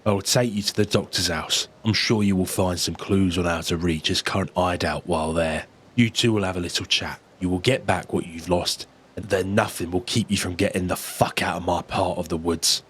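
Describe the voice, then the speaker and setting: Brief: crude menacing wolfman heavy, read by a man, slow gravelly threats, husky low tone. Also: fairly even intonation, a bit bright.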